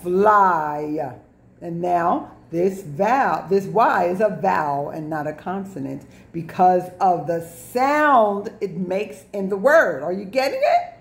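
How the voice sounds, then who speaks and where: A woman's voice: lowish voice, very animated, unhurried, creaky, few pauses. A woman teacher giving a lesson to young children, repeating words, drawing out sounds and spelling words letter by letter. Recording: echoey room.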